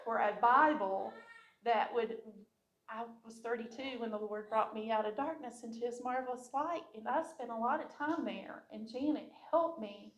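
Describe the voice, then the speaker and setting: A woman's voice: on the high side, normal speed. A woman giving a heartfelt personal testimony to her congregation, telling the story and acting out what people said. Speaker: church member sharing a testimony.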